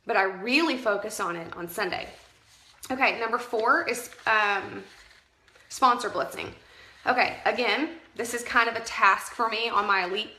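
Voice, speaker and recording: A woman's voice: fairly high pitch, sharp tone, roomy sound. A woman coaching her sales team in a live stream, chatty and emphatic, often correcting herself mid-sentence. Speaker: direct sales team leader. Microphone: phone camera.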